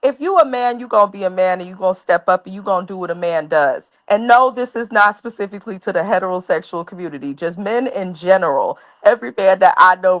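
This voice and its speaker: A married woman co-hosting a casual TV recap, speaking bluntly and frankly. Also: lowish voice. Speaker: recap show co-host.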